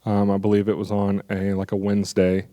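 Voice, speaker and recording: A young man speaking to an audience as a parent, in a halting, hesitant way with many ums. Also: lowish voice, completely flat delivery, dark tone, no echo. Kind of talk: personal speech at an event.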